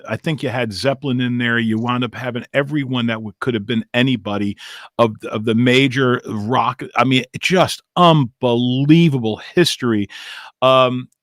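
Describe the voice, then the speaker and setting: A middle-aged man, a comedian hosting a podcast, telling stories in a lively, laughing way. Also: medium pitch, moderate pace, dry recording, clean studio sound. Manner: animated, laughing, acts out quotes. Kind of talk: casual storytelling interview.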